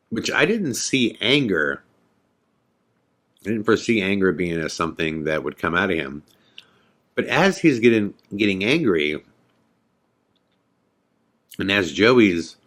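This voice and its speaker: A man's voice: low voice, a bit bright. A man hosting a podcast, telling a story in a casual, rambling way with many fillers. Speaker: podcast host.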